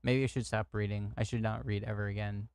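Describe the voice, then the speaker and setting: A man's voice: fairly low pitch, flat delivery, brisk, a little mellow, clean tone, no echo, studio quality. A man streaming from the United States, ranting casually over news clips, outspoken and swearing, laughing often. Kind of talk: casual reaction commentary.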